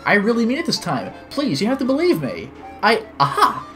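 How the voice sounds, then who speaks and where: A shrill, whiny grown man pleads and nags as if he might burst into tears at any moment, voiced by a streamer reading a visual novel aloud. His pitch jumps all over the place, and faint music plays under the voice. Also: huge pitch swings, brisk. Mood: pleading. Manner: pleading, high-pitched and loud.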